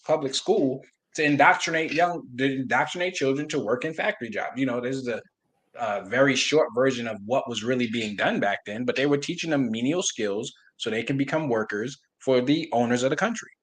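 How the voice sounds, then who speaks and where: Animated man on a podcast panel. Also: mid-range voice, brisk. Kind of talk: casual panel discussion.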